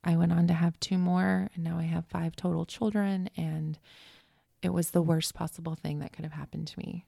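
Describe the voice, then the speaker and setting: Creaky-voiced woman recounting loss. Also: on the low side, flat delivery, dark tone, dry recording, clean studio sound. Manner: halting, emotional, reliving the moment. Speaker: guest sharing her story. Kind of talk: personal storytelling in a podcast conversation.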